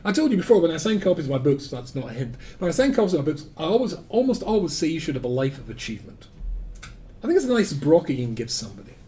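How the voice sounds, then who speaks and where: A man with a Scottish accent, a rabbi giving a Torah lecture to a live audience, telling stories with self-deprecating humor and swinging between loud emphasis and quiet asides. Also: fairly high pitch. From Scotland.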